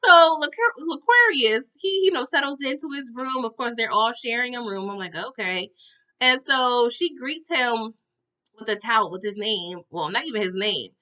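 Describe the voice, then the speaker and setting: Woman vlogger for recaps, high voice with a lot of swing, chatty and reactive, muffled home audio. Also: animated, normal speed, sharp tone. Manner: chatty, addresses viewers as "y'all", exaggerated reactions. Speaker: episode recap host. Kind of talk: casual storytelling recap.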